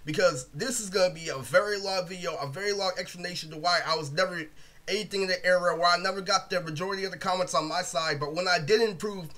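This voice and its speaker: A man's voice: high-pitched, fast talker, sharp tone. A young man ranting casually in a rambling, profane way, saying "literally" over and over. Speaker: video creator. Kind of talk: casual storytime rant.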